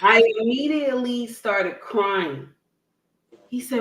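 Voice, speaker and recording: Speaking at a measured pace with a fairly high, somewhat bright voice, a woman recounts a personal story as a guest on an online panel. She is emphatic and keeps asking "okay?" and "right?" while a roomy echo fills the recording.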